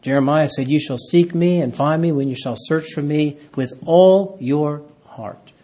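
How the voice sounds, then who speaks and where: A man preaching a sermon, reading scripture aloud and swinging between hushed, slow phrases and raised, emphatic ones. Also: a little high. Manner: preaching with dramatic swings from hushed to loud, stretching key phrases.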